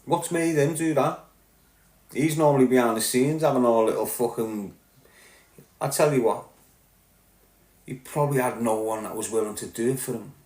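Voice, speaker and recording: A man's voice: mid-range voice, normal speed, long pauses, darkish tone, echoey room. A man with a Liverpool accent ranting angrily as a podcast host, blunt and full of swearing. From Liverpool, England. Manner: angry, blunt, heavy swearing. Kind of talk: heated ranting monologue.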